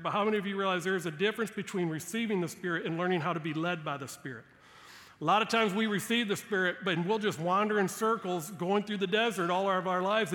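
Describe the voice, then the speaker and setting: Guy pastor preaching, reads bible lines with drama, pretty high voice, big echoey church. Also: a bit bright. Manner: preaching with dramatic read-aloud quotes and emphatic rises. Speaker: guest pastor. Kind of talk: sermon. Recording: long hall reverb.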